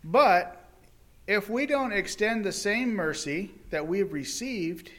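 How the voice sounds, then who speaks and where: A man preaches a sermon and retells a parable with animated, dramatic flair. His voice sits high and swings widely in pitch. It has a bright, forceful edge. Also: slow pace.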